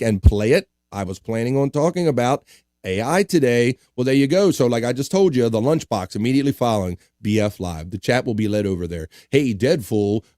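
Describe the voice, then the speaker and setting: A man hosts a casual livestream and reads viewer comments aloud, his voice climbing high with excitement when thanking donors, then dropping back down. The voice sits in a middle pitch and is recorded dry and close. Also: no echo. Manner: animated, hypes up donations, jokes crudely. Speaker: livestream host.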